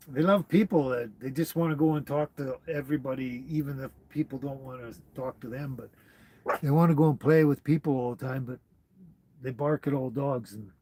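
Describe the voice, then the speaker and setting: A man's voice: mid-range voice, warm tone, husky. A man hosting a casual livestream, rambling with many fillers as he answers viewer comments. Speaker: livestream host. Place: tiny house on wheels. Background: dog barking.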